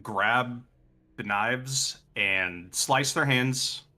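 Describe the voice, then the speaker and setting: A man's voice: medium pitch, drawn-out words, bright, forceful tone. A man narrating as game master of a tabletop game, laughing often and using loose fillers.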